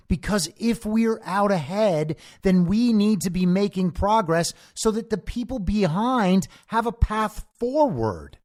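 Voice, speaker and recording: A man's voice: high voice, a little mellow. A man hosting a political commentary show, delivering an earnest, emphatic solo monologue.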